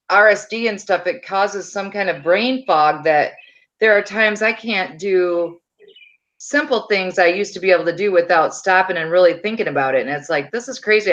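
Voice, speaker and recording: A woman on a live-stream panel, telling stories in an animated way and acting out the dialogue over a video call. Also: fairly low pitch, dull audio. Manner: animated storytelling that acts out quoted dialogue. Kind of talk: casual chat on a live stream.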